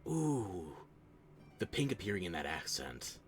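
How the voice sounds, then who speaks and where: Animated, playful male game streamer. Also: low-pitched, measured pace. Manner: playful, self-deprecating, chatty with viewers. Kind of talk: casual live-stream chat while playing. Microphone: close desk microphone.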